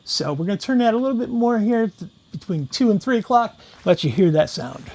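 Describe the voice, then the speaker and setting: In a room full of guitar gear, a man casually demos a guitar pedal, going through each knob setting step by step. His voice is high-pitched, animated and brisk.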